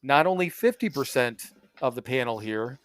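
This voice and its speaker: Guy cohosting a podcast, chatty and animated, lots of laughing and cussing, mid-pitch voice, dry sound. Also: normal speed, no echo. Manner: animated storyteller, laughs often, swears freely. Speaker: podcast co-host. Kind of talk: casual chat.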